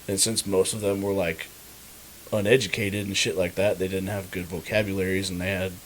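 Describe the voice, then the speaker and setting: A man's voice: deep voice, flat delivery, fairly quick, slight background noise. A man co-hosting a podcast in a casual chat, rambling and loose, with a lot of swearing. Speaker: podcast co-host.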